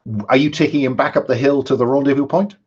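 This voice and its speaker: Man, game master, husky voice, muffled lo-fi sound, measured with many ums. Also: medium pitch, steady tone, darkish tone. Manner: measured, frequent ums and restarts. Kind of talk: narrating a tabletop game.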